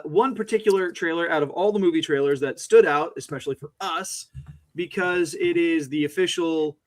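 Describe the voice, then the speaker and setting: A man with a slightly high voice co-hosting a fan podcast. He talks in a loose, easygoing way, filling pauses with uh and um. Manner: easygoing, says dude, many uh fillers. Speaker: podcast co-host. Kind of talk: casual chat.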